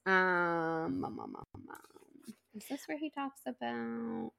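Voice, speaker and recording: Bright, chatty woman podcaster. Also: fairly low pitch, huge pitch swings, takes it slowly, creaky, clean tone, no room sound. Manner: chatty, retells scenes with quoted lines and laughs. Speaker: podcast co-host. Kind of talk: casual book-club chat.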